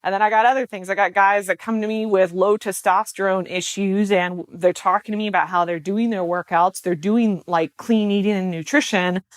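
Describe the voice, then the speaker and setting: A woman's voice: medium pitch, fairly even intonation, moderate pace, few pauses, no room sound. A woman life and mindset coach explaining her work in a casual, chatty way, full of filler words. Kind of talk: casual explanatory talk to camera.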